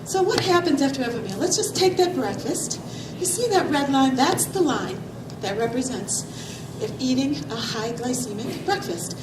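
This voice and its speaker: A woman's voice: high-pitched, expressive, moderate pace, hardly any pauses. A woman physical trainer, a little out of breath, teaching kids and adults about healthy eating in an upbeat, coaxing way full of questions. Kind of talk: health talk to kids and families. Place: large hall with an audience. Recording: roomy echo, far from mic, loud crowd noise.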